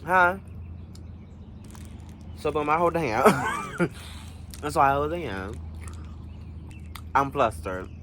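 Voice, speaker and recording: A young man in a casual storytime vlog, animated and slangy, swearing freely and jumping into high exclamations. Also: slow, long pauses, background noise. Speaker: vlogger.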